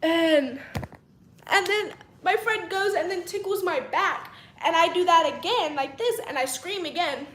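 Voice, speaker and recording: A young woman with a high voice tells a story in a casual vlog, chatty and rambling. She acts out what people said and sometimes drops to a whisper. The room has an echo. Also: brisk. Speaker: vlogger.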